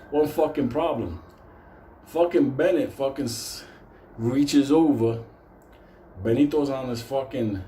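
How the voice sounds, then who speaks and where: A man telling a comic personal story in a casual, animated way, swearing constantly. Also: medium pitch, echoey room. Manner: heavy swearing, animated retelling.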